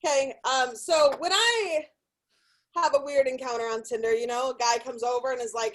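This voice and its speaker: A middle-aged woman from California with a high voice works through raunchy stand-up. She is blunt and profane, swearing casually throughout, and she is recorded in a hotel room. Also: moderate pace, low-quality recording. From Sacramento, California. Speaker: stand-up comedian.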